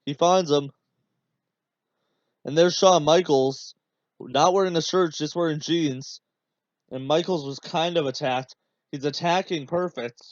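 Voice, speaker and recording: A man's voice: fairly high pitch, unhurried, long pauses, no echo. A man hosting a podcast, talking casually over a match he is watching, rambling with many fillers and turning sarcastic and exasperated. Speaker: podcast host. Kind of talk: casual watch-along commentary. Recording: dull, dry podcast mic.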